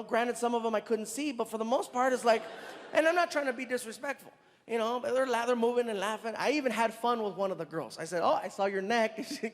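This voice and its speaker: A middle-aged male comedian with a high, bright voice tells a story on stage, lively and animated. His voice carries through a large hall with a long reverb tail and faint crowd ambience. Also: a little hiss or hum. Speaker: stand-up comedian. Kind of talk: stand-up storytelling. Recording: live venue with long reverb.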